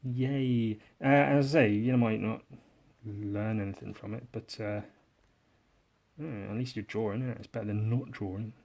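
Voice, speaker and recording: A man with an English accent, hosting a drawing podcast in casual, rambling chat, sarcastic and self-mocking, often trailing off quietly. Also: lowish voice, steady tone, moderate pace, creaky, highs cut off.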